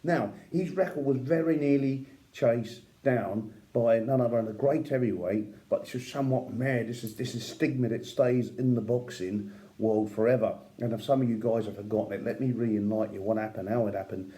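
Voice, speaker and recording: This boxing commentator's voice is medium-pitched, mellow and steady, at a moderate pace. He tells boxing history in a casual, conversational way, full of opinions, admiration, fillers, and asides like "yeah" and "right?".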